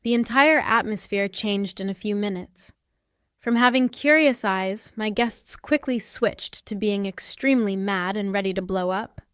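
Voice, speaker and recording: A woman's voice: mid-range voice, measured pace, a bit bright, clean tone, dry recording, clean studio sound. A woman narrating a first-person family-drama story in a sassy, confiding way.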